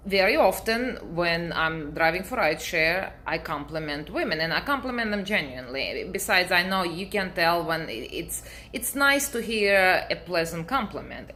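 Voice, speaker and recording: Bright-voiced deadpan woman telling a story. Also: on the low side, a little hiss or hum. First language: Russian. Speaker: vlogger. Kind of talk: casual storytelling to camera.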